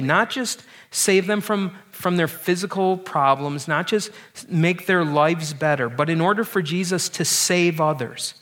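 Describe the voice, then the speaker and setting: A man delivers a sermon in an earnest, emphatic manner. His voice sits a little higher than most men's. He often repeats words as he presses a point and sinks low and slow on the weightiest lines. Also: a bit bright. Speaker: pastor.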